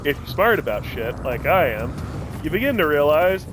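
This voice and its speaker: A young adult man streaming a game, telling a rambling, profane story in a casual, animated way. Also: a little high, moderate pace, noisy background. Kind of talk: casual storytelling while gaming. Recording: game music under voice. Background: game music.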